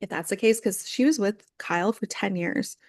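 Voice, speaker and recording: Young woman podcast co-host, chatty and gossipy, dry close sound, medium pitch. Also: normal speed, dry recording. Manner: chatty, animated, acts out quotes with lots of "like". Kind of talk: casual chat recapping reality TV.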